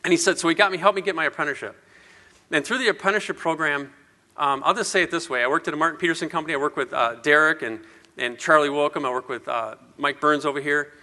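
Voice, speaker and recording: A bright-voiced man in his fifties tells stories to an audience with a rambling, self-deprecating ease, laughing often. His somewhat high voice rings out with a long reverb of a large hall. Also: quick pace. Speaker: speaker at an industry event. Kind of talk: personal speech to an audience.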